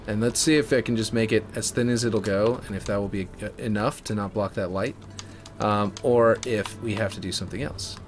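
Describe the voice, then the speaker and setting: A man giving casual, rambling commentary as he builds a game map, thinking out loud and correcting himself as he goes. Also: lowish voice, steady tone, fairly quick.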